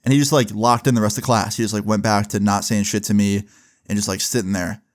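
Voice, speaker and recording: A man's voice: lowish voice, fairly even intonation, fast talker. A young man casually telling a personal story for his vlog, loose and chatty with lots of filler words and swearing. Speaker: storyteller vlogger.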